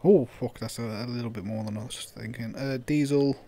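A young man giving casual, sweary gameplay commentary, swinging into loud disbelief and laughter. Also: medium pitch, a little fast. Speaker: gaming YouTuber.

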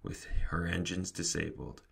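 Deep gravelly man reading a storybook. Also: normal speed. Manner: steady storybook narration. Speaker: reader. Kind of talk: reading a children's novel aloud.

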